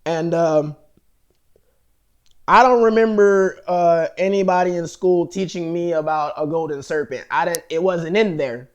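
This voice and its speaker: A man's voice: fairly high pitch, unhurried, smooth, lo-fi sound. An American man vlogging in a rambling, profane monologue, full of fillers and restarts. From United States.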